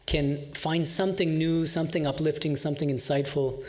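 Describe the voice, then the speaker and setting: A man's voice: fairly high pitch, level tone, normal speed, darkish tone. A man moderating a program, fluently summing up the talks and thanking the speakers before introducing the next speaker. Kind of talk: formal closing remarks.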